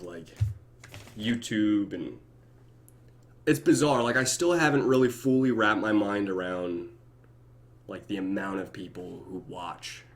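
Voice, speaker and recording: A young man chatting casually on his own live stream, reading viewer comments and often breaking into laughter and goofy high voices. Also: slight background noise. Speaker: YouTube reactor.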